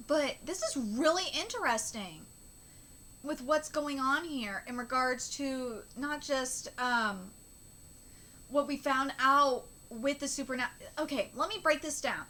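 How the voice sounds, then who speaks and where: Woman in her thirties, live manga reaction streamer, halting with fillers, near tears, high bright voice. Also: expressive, slight background noise. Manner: halting, tearful, many fillers. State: close to tears.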